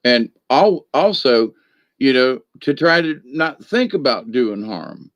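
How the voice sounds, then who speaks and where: Man, livestream host, folksy, feisty, laughs a lot, dry close sound, mid-pitched voice. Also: sing-song, slow pace, no echo. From northern United States. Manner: folksy, laughs often, calls himself feisty. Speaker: livestream host reading viewer comments. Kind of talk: rambling spiritual talk.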